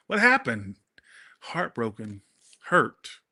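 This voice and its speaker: A man doing a casual tarot reading, talking straight to his viewers in a blunt, sassy, animated way. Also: medium pitch, a little fast. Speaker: tarot reader.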